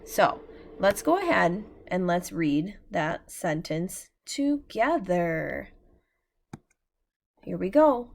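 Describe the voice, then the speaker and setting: American lady teacher, super slow and patient, sounding out little words bit by bit on a screen share. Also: on the low side, sing-song, creaky, a little mellow. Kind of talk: screen-share phonics lesson.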